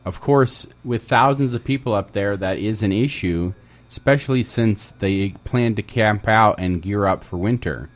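A man's voice: on the low side, moderate pace. A man co-hosting a community radio show in casual chat, joking and reading out listings. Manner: jokey, laughs often, reads listings. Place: radio studio.

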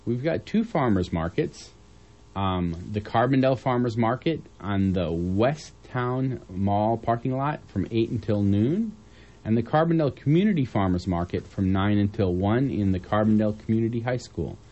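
A man's voice: fairly low pitch, animated, moderate pace, dark tone, muffled recording. A man from southern Illinois co-hosting community radio news, casual and joking, with rambling asides between listings. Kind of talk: casual on-air chat and listings.

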